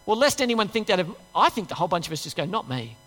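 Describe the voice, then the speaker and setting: High-voiced pastor preaching in a hall. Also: male voice, lively intonation, very fast, a bit bright. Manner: conversational, acts out inner voices, rhetorical questions. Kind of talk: sermon. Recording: long hall reverb.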